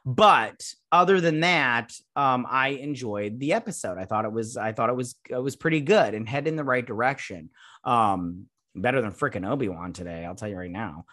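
Casual reviewer, male, mid pitch, dry close sound; rambling, sarcastic, filler-heavy episode recap. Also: expressive, moderate pace, sharp tone, no room sound. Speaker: show reviewer.

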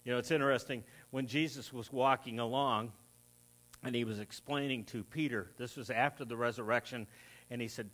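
A man's voice: normal speed, a bit bright. A pastor preaching a sermon in a church, telling stories and voicing the people he quotes. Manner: storytelling, acts out quoted voices with rising pitch. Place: church sanctuary.

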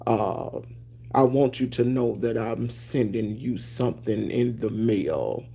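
A man putting on a gravelly, stubborn old caller. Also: mid-range voice, dark tone, full character voice. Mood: persistent. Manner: halting, persistent, polite. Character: slow, stubborn older man caller pushing a gift.

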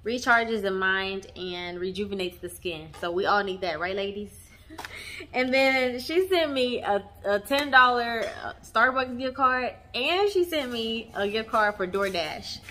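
A young woman chatting to her viewers, warm and emotional, often saying y'all. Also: fairly high pitch, expressive, measured pace, a little hiss or hum. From Texas. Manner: emotional, near tears at times. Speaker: vlogger. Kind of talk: casual chat. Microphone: camera mic on tripod.

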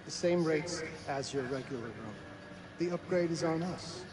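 An actor playing a courteous middle-aged hotel owner who speaks in a polished, formal way. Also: male voice, on the high side, moderate pace, close to an everyday voice.

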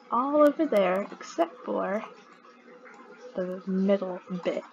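A woman drawls through a game at an unhurried pace, laughing at her own mistakes and bantering with the characters on screen. Her voice comes through slightly muffled, with a faint hiss underneath. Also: mid-range voice. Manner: giggly, chatty, talks to the game characters. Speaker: let's play gamer. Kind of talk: casual gameplay commentary.

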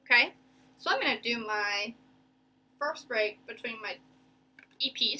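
A young woman teacher giving a remote reading lesson to children, slowly stretching out each word as she sounds it. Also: a little high, pushed and bright. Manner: slow, stretched-out sounding of words.

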